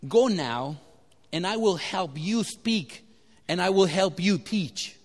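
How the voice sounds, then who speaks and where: A man's voice: sits high, expressive, slow pace, exaggerated voice. A man voicing God giving firm commands, recorded in an echoey hall. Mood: reassuring.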